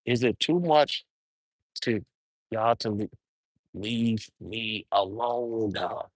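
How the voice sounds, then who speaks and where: A man's voice: lowish voice, slow, no echo. A man chatting casually on a live stream outdoors at a zoo, wry and grumbling as he talks to himself. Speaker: livestreamer.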